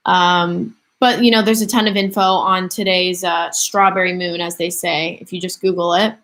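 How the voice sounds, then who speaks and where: A woman's voice: fairly low pitch, level tone, moderate pace, fairly bright tone. A woman in her twenties chatting casually on a livestream, rambling through viewer questions with lots of fillers. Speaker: livestream host.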